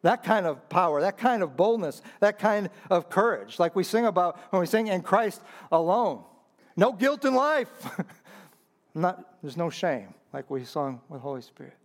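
A fairly high-voiced man preaching from the pulpit. He swings between quiet, low asides and loud, soaring emphasis, repeats key lines and calls out to his listeners. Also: lively intonation, moderate pace. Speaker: pastor. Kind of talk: sermon.

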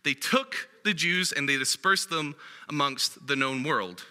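Animated young-sounding male preacher, bright voice. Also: on the high side, unhurried, in a large hall. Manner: conversational, animated preaching with casual fillers. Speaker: guest preacher. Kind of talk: sermon. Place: church hall.

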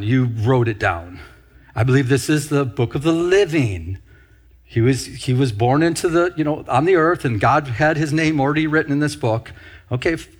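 A man's voice: mid-range voice, husky. A middle-aged man who is a pastor, preaching a teaching sermon, often repeating phrases and asking his listeners questions.

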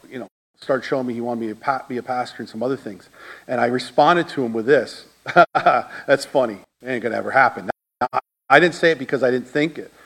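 A middle-aged male pastor preaching a sermon, swinging from low, quiet storytelling to loud, high-pitched shouts.

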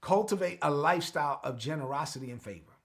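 A male pastor delivers an online devotional sermon, urging listeners to repeat his declarations. His voice sits high for a man and carries a gravelly edge, and he keeps calling for responses from his audience. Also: lively intonation, quick pace. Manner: exhorting, calls for responses.

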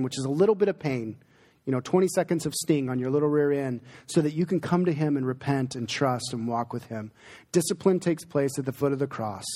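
A middle-aged man, a pastor, preaching an earnest, emphatic sermon with pauses for effect. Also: mid-range voice, dark tone. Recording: long hall reverb.

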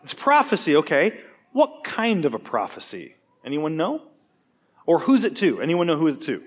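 A man teaching a Bible study class, asking the class questions and cracking jokes between points. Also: a little high. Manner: animated, joking, quick asides, questions to the class.

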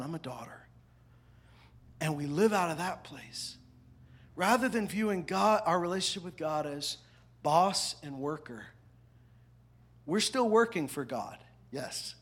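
A man preaching a sermon, animated, swinging between loud emphatic lines and hushed asides. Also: a little high, husky. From parents from the American South. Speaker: pastor.

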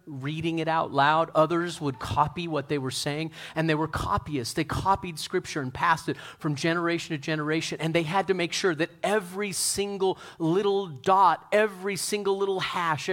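A pastor preaching a sermon, talking straight to his congregation, swinging from loud fervent peaks to soft hushed lines. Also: fairly high pitch. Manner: talks straight to the congregation with questions.

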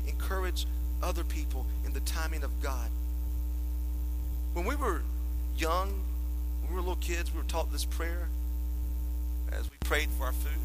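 A man, a lead pastor, preaching a sermon with emphatic bursts and quieter asides. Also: a little high, a little fast. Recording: poor audio with mains hum.

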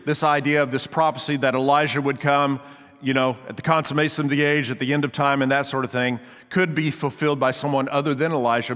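A man's voice: mid-range voice, a bit bright. A man giving a conversational sermon as pastor, explaining scripture with casual asides. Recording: long hall reverb.

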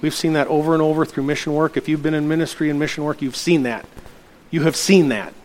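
A man's voice: a little high, little pitch movement, fast. A middle-aged man, a pastor telling a personal story from the pulpit in a sermon and acting out the dialogue.

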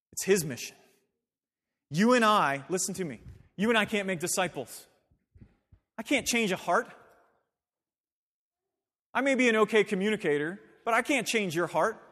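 Male pastor, high voice, emphatic sermon delivery, live church reverb. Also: expressive, normal speed, pauses often, a bit bright. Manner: emphatic preaching, conversational asides. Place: church sanctuary.

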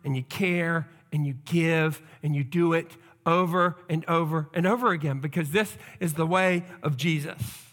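Guy pastor preaching, bright voice, kinda high, takes his time, repeats stuff for emphasis. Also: normal speed, hardly any pauses. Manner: earnest preaching with emphatic repetition. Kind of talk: sermon.

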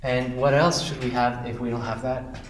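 A man's voice: medium pitch, flat delivery, moderate pace, reverberant, background noise. A man teaching an adult Sunday school class on scripture, emphatic, repeating key phrases and asking the class questions. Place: church classroom.

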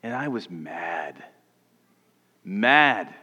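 A man who is a pastor, giving a sermon and telling a personal story, moving between loud passages and hushed ones. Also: fairly low pitch, big pitch swings, very slow. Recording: long church reverb.

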